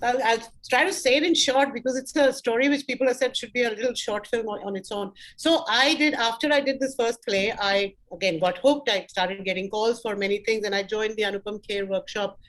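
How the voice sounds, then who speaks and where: A middle-aged woman with an Indian English accent, a guest telling animated stories in an interview and acting out quotes. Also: fairly high pitch, fairly quick, few pauses, low-quality recording. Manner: animated, acts out quotes, laughs often. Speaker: guest, actor and former banker. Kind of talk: interview storytelling.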